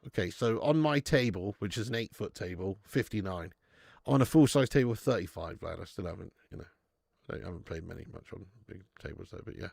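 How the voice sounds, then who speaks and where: This fan channel host speaks in a deep, husky, slightly mellow voice that is expressive, brisk and creaky. Streaming a live football watch-along from his garage, he swears and chats loosely while reading viewer messages, and the sound is clean and studio-like with no room sound.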